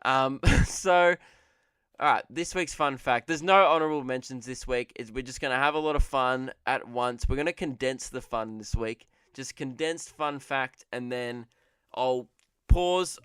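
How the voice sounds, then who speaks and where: A man's voice: medium pitch, a bit bright, smooth, dry recording, studio quality. A young man hosting his own comedy podcast, rambling and sarcastic, often laughing at his own jokes.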